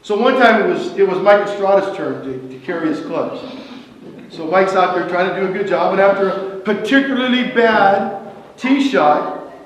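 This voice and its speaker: High-voiced older man telling roast stories. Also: expressive, moderate pace. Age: 60s. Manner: storyteller building to punchlines. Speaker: former wrestler giving a roast speech. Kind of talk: anecdotal roast speech. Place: event venue hall. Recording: echoey hall, distant mic, faint noise.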